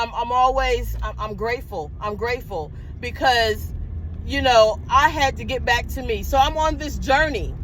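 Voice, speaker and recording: A middle-aged woman with a fairly high voice tells her own story frankly and with feeling as a show host. She stresses points with lively, rising questions to her listeners. Faint traffic noise sits under the recording. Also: low-quality recording. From Florida, USA. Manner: candid, animated storytelling with rising emphatic questions. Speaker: podcast host. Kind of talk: personal motivational talk.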